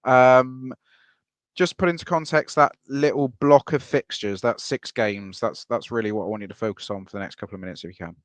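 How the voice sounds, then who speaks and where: A man's voice: medium pitch, steady tone, brisk, dry recording. A man hosting a fan football podcast, steering the talk and handing over to guests with hesitant fillers. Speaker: podcast host. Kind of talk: casual football discussion.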